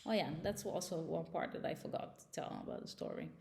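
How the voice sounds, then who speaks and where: Young woman vlogging, kinda low voice, worked up retelling what happened to her. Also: lively intonation, fairly quick, creaky, darkish tone. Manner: agitated, emotional retelling. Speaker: vlogger telling a personal story. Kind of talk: casual first-person storytelling.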